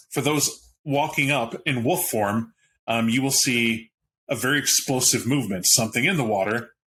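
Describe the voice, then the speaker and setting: Bright-voiced male game storyteller. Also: mid-range voice, a little hiss or hum. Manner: lively, chuckling, jumps into character voices. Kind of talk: narrating a tabletop role-playing game.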